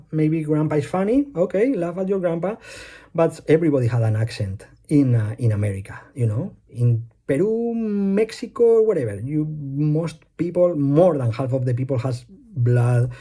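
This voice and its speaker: Man, Spanish accent, English not his first language, rambling vlog, lots of ums, mellow voice, slightly high pitch. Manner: hesitant, many fillers, loses his thread. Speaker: vlogger. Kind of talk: rambling personal monologue. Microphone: phone.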